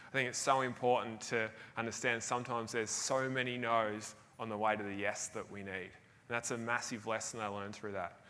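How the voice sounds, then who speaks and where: An Australian man gives a motivational talk on a big stage, his voice bright and forceful. He tells his story with energy and laughs often, and a long reverb hangs over his words in a large event hall. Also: on the low side. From Tasmania, Australia. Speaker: keynote speaker.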